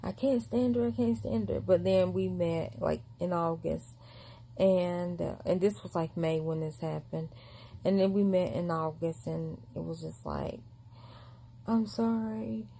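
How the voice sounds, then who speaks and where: A woman's voice: lowish voice, fairly even intonation, unhurried, gravelly, dark tone, husky. A young woman telling a long personal story in a casual vlog, mumbling and restarting often. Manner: rambling, mumbled delivery with frequent restarts.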